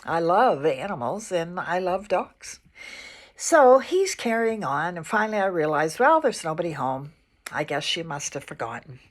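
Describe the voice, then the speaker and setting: Low-voiced woman telling a personal story. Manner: calm, unhurried, repeats phrases. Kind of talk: personal spiritual anecdote.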